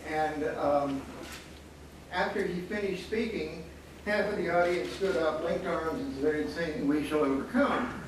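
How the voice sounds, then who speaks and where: A man's voice: fairly high pitch, measured pace. A man in his seventies, a panelist and former student photographer, telling anecdotes wryly with frequent chuckles. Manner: wry, anecdotal, chuckling often. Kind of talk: storytelling at a panel talk. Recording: echoey hall, distant mic, audible noise.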